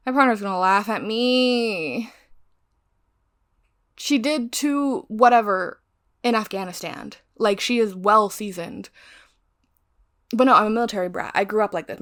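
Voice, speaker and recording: A woman giving a casual, rambling recap of a crime novel she is reading, going off on tangents and swearing freely. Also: fairly high pitch. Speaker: book reviewer.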